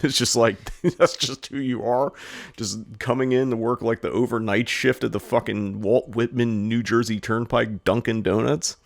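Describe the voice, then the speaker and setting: This podcast co-host's mid-range voice carries vocal fry at a normal speed, recorded with no room sound. He spins a meandering story in casual chat, cursing frequently and livening up when he mimics others.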